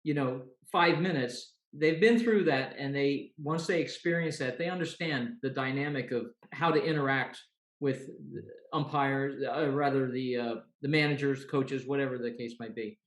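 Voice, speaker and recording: A man's voice: mid-range voice, normal speed. A man hosting a casual chat, agreeable and chiming in with short remarks. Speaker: podcast host. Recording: roomy echo.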